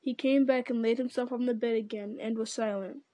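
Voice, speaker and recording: Woman reading a fantasy story aloud, slightly high voice, dry sound. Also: steady tone, fairly quick, dark tone, no room sound. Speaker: narrator.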